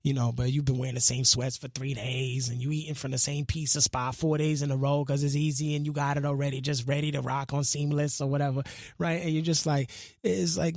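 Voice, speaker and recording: A man from Brooklyn, New York, a guest musician in a radio studio, talks earnestly and reflectively in slangy casual interview chat, half-reciting lyrics. His medium-pitched voice is level, a little mellow and fairly quick, with no room sound.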